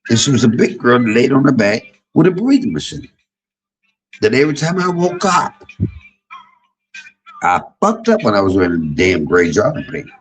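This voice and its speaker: A man's voice: medium pitch, very animated, moderate pace, pauses often, faint music behind, low-quality recording. A man in his fifties telling blunt, profane stories in a candid livestream monologue. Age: 50s. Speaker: livestream host.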